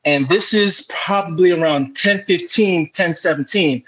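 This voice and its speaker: A young man, a sports broadcaster, chatting as an interview guest and telling animated stories with plenty of fillers and restarts. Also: sits high, measured pace, low-quality recording. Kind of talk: casual interview chat.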